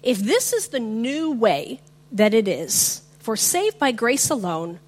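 A woman giving a reflective, self-deprecating talk on faith with a personal story, often pausing with fillers. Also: on the high side, very animated. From not from the US.

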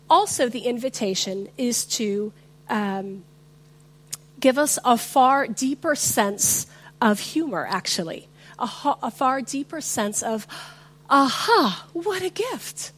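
A woman giving a reflective, self-deprecating talk on faith with a personal story, often pausing with fillers. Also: a little high, expressive. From not from the US.

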